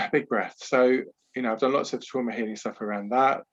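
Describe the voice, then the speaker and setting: A man, a podcast guest who talks candidly and at a measured pace about his own past, often adding "you know". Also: medium pitch, fairly even intonation, fairly bright tone, husky, muffled recording. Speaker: podcast guest, trauma healer. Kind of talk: reflective personal storytelling.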